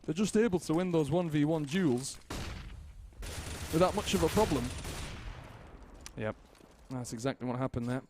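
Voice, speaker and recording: A man voicing an invented second esports caster, a color commentator with a higher put-on voice and a put-on accent. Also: animated, moderate pace, long pauses, background noise, lightly acted. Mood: analytical.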